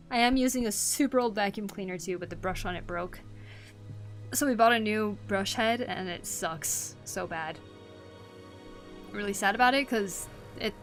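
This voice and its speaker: A woman's voice: medium pitch, fairly bright tone. A young woman chatting casually while she draws on a live stream, giggling often and reacting to her chat. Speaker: art streamer.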